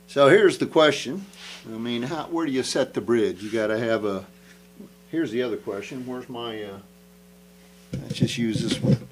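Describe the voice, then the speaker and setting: A man's voice: medium pitch, slight background noise, low-quality recording. A man talking casually to the camera while repairing an old guitar, rambling and thinking aloud as he works.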